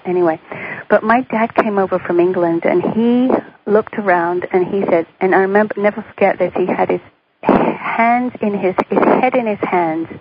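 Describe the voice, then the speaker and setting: A middle-aged woman, a guest in an interview, telling a personal story in an animated way and acting out the voices she quotes. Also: fairly low pitch. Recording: dull radio recording, faint hiss.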